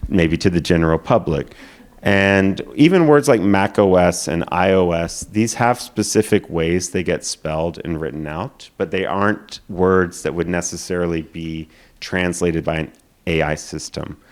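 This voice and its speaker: A man with a notably low voice gives a conference talk. He explains steadily and casually, dropping in filler words as he goes. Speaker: conference presenter. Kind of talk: presentation talk.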